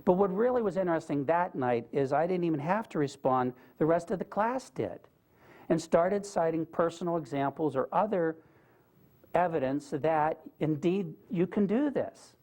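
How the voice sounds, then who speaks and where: A man's voice: fairly high pitch, animated, moderate pace, darkish tone. Earnest man telling stories to an audience. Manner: earnest, conversational, asks the audience questions. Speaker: guest speaker. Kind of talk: storytelling lecture to an audience. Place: lecture room with a live audience.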